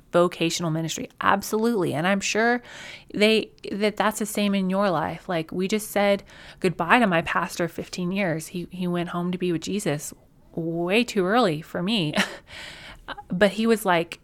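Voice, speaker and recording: A woman hosting a faith podcast, talking in a chatty, encouraging way with many fillers and restarts. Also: fairly low pitch. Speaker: podcast host. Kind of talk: faith-based podcast talk.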